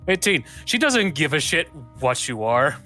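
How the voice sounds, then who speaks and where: A man's voice: fairly high pitch, sing-song, normal speed, bright, forceful tone, soft background music. A man running a tabletop game as game master, casual and laughing, with frequent swearing.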